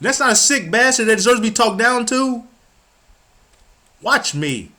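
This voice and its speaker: A man from the United States delivers an angry political rant, cursing and stumbling over his words as he gets heated. His voice sits high and sounds bright and tense. His pitch swings widely from line to line. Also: lively intonation, a little slow. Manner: stumbles and restarts when worked up. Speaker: political commentator.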